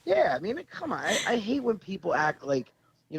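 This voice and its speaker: A man, a comedian guest, chatting casually in an interview and telling stories with quick asides. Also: sits high, creaky, breathy edge, no echo, muffled recording. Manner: animated storytelling with quick asides.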